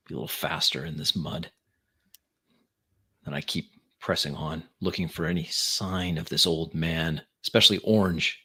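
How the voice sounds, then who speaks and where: Deep husky man at a tabletop game. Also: pushed and bright. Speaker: player. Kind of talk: casual tabletop play.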